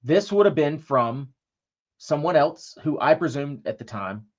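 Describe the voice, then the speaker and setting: A man's voice: on the high side, lively intonation, measured pace, lo-fi sound. A man co-hosting a podcast, telling a long story in a loose, profane way and acting out what people said. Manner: profane, rambling anecdote with acted-out quotes. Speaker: podcast co-host. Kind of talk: casual storytelling chat.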